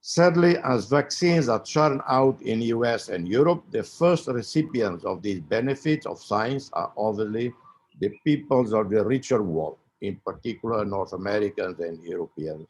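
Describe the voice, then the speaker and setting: A man giving a formal opening speech, measured and emphatic, with frequent pauses and fillers. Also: lowish voice, lively intonation, a little mellow. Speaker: keynote speaker.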